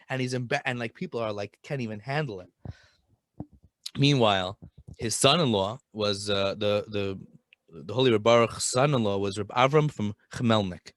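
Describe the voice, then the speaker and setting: A man's voice: lowish voice, moderate pace, a bit bright, dry recording, studio quality. A man casually telling a Hasidic story, talking informally with many restarts and Yiddish and Hebrew terms.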